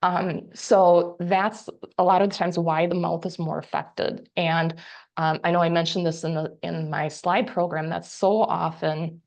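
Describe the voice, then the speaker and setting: A woman's voice: fairly low pitch, flat delivery, measured pace, vocal fry, darkish tone. A woman speaking as an expert guest, patiently and methodically explaining things with frequent ums. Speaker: dental care expert guest. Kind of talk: explanatory talk.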